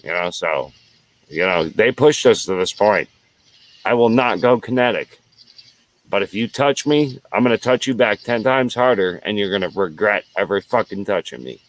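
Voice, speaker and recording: A man's voice: on the low side, expressive, normal speed. A man hosting his own show, delivering an angry, profane solo rant full of repeated lines. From United States. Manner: profane, heated, repetitive. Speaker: show host.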